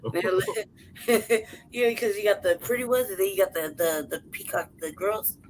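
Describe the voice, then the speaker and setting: A woman's voice: mid-range voice, moderate pace, rough recording. A woman tells a rambling story in a loose, profane way, breaking into laughter and playing out the voices of people in it. Her voice sits in the middle range, and faint noise runs under the recording. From city-raised. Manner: profane, animated, laughs often, acts out voices. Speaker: podcast co-host. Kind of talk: casual storytelling chat.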